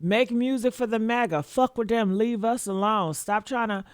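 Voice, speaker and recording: A woman's voice: a little high, moderate pace, clear, resonant tone, dry recording, clean studio sound. A woman giving casual reaction commentary, sassy and mocking, laughing often and talking straight to her viewers.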